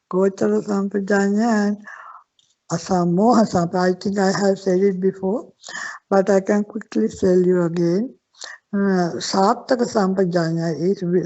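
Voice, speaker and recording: An older woman, a Buddhist nun, teaching at a slow, patient pace with repeated questions and frequent restarts. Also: mid-range voice, gravelly, mellow. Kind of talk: Dharma Q&A teaching. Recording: dull lo-fi sound.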